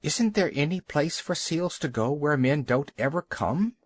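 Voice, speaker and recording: A man's voice: animated, a little slow, husky, no room sound. A man voicing an eager, bold young male white seal in a children's storybook reading. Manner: high, eager calling.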